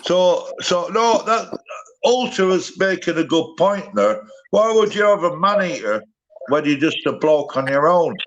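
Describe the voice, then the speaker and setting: A man hosting a heated livestream panel, swearing while telling guests to keep it low key. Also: measured pace, lo-fi sound. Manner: swearing, trying to calm things. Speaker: panel host.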